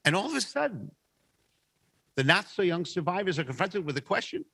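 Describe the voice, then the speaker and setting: A man speaking at a community meeting, telling a story with measured, emphatic phrasing and pauses. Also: sits high, sing-song, gravelly, pushed and bright. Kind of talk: storytelling talk to an audience. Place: event hall.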